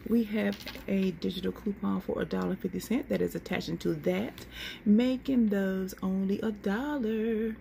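Lady vlogger, bit of vocal fry, chatty, goes item by item, faint hum behind. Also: mid-range voice, fairly even intonation, normal speed, mellow. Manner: chatty, lists prices item by item, says y'all. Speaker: couponing vlogger. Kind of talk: casual deal walkthrough to camera.

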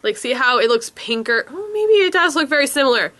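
A woman's voice: sits high, very animated, fairly quick, sharp tone. A young woman with a stuffed-up nose, reviewing lipsticks in a chatty, rambling way with many ums and likes. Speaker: beauty vlogger. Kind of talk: casual product review. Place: room with a window.

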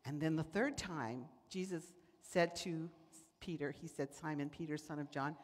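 Woman preacher, lively storytelling sermon, recorded in an echoing sanctuary. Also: low voice, moderate pace. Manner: animated, acts out voices in quotes. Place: church sanctuary. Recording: church hall reverb.

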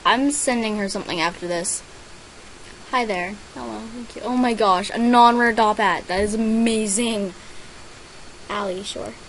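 A woman's voice: mid-range voice, a little slow, fairly bright tone, a little hiss or hum, rough recording. A teenage girl chatting casually as she records her gameplay, reading out other players' names and messages and squealing over gifts. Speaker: gaming vlogger.

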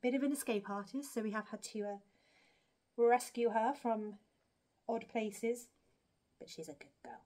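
A woman's voice: on the high side, unhurried, long pauses, warm tone. A woman chatting casually to camera about her crochet projects, rambling and self-deprecating. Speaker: crochet vlogger.

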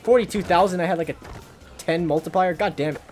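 A man's voice: high-pitched, darkish tone, faint music behind. A young man who giggles often while chatting casually and commentating a video game with a friend. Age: young adult. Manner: giggly, quick banter. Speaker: gaming channel host.

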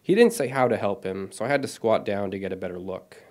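Author in his thirties reading own story, lowish voice, self-deprecating, steady delivery. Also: fast. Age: 30s.

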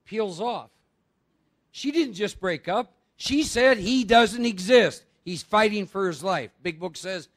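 A man's voice: sits high, animated, slow pace. A man speaking at a live recovery workshop, chatty and quizzing his audience with rhetorical questions.

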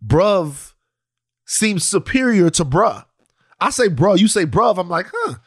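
A man co-hosting a podcast, chatting casually, rambling with halting restarts. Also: high-pitched, big pitch swings, husky, no echo, studio quality. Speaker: podcast co-host. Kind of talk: casual chat.

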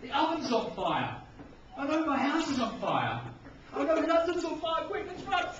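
A man acting a panicking baker in a booming hall. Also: huge pitch swings, normal speed, fairly bright tone, exaggerated voice. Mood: panicked. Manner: alarmed, exclaiming. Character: panicking adult male baker, flustered. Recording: echoey, distant, muffled, noisy.

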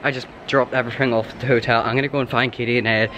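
A teenage man with a Northern Irish accent, chatting excitedly and a little nervously to his handheld vlog camera at a busy event. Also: medium pitch, rapid-fire. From Northern Ireland. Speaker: vlogger. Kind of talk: casual vlog chat. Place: busy convention event and city streets. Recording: loud crowd and street noise. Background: loud crowd chatter.

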